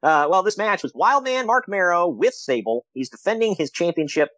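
A man's voice: sits high, dry recording. Guy on a podcast riffing about wrestling, bouncy sarcastic voice, dry close mic. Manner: animated, sarcastic asides, quick laughs. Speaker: podcast co-host. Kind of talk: casual chat recapping old wrestling.

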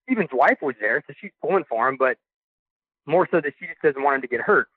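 A man telling a backstage story in a casual, animated way, acting out the things people said to him. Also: fairly high pitch, brisk. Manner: animated, acts out quoted dialogue. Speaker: guest recounting backstage experience. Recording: tinny phone line.

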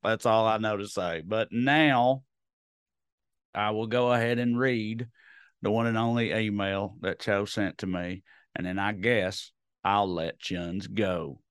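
A man's voice: fairly low pitch, steady tone, slow, clear, resonant tone, no room sound, clean studio sound. A man hosting a podcast alone, chatting casually in a rambling, joking, self-deprecating way into a podcast microphone. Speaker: podcast host. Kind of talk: solo casual podcast chat.

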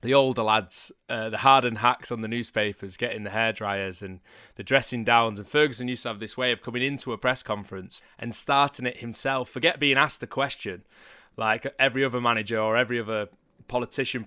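A man, hosting a podcast in a measured, broadcaster-like way. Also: mid-range voice, steady tone, pushed and bright, clear, resonant tone, no room sound, studio quality. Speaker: podcast host. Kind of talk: podcast chat.

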